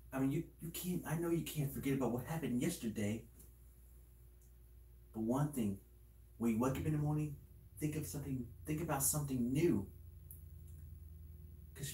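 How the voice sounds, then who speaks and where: A man's voice: on the high side, dark tone, echoey room, rough recording. A man talking to camera in a casual vlog, handing out earnest life advice in a rambling, repetitive way, with many restarts. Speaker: video creator. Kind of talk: casual motivational talk to camera.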